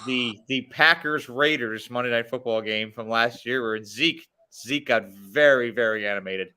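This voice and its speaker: Bright, excitable man hosting a game chat. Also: mid-range voice, normal speed, clean tone. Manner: excitable and joking, with lots of filler and stammered starts. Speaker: host. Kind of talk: casual sports watch-along chat.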